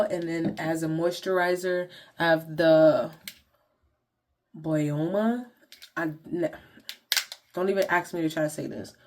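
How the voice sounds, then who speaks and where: A young beauty vlogger talks casually to viewers in slangy speech while walking through her skincare routine. Her voice is fairly low and a bit mellow.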